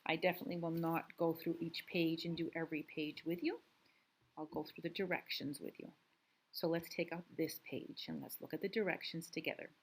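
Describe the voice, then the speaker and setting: A woman's voice: sits low, steady tone, a little hiss or hum. A woman teacher reading a worksheet aloud to young students, drawing out words and talking patiently. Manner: slow, deliberate reading with drawn-out words; patient, encouraging classroom tone. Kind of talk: recorded remote lesson for young students.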